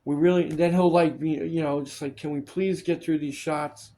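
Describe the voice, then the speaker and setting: A man's voice: a little high, fairly even intonation, normal speed, mellow. A man in casual chat, telling stories of film work, acting out the people he quotes and swearing freely. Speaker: storyteller recalling film work.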